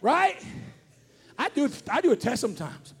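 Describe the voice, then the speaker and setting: A man, preaching a fervent sermon as pastor, shouting his points and mixing in joking asides. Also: very high voice, big pitch swings, normal speed, creaky, husky. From Kentucky. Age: 40s.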